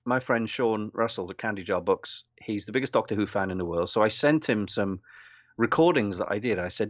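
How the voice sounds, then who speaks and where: A man chatting as a podcast guest, an animated storyteller who acts out the quotes he tells. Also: fairly low pitch, fairly quick, dry recording. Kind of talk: casual interview chat. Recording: dull lo-fi dry sound.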